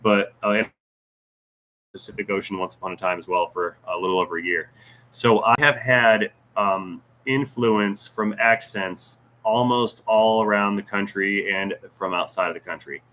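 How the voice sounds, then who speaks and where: A man's voice: fairly low pitch, fairly even intonation, moderate pace, pushed and bright. A man hosting a casual livestream Q&A, reading viewer comments aloud with jokes, teasing and rambling asides. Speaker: YouTube channel host.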